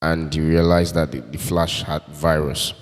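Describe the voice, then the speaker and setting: A man hosting a casual keyboard tutorial, explaining slowly and repeating points as he demonstrates loops. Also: very deep voice, fairly even intonation, big-room sound. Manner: slow, explanatory, repeats himself. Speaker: music tutorial host selling keyboard loops.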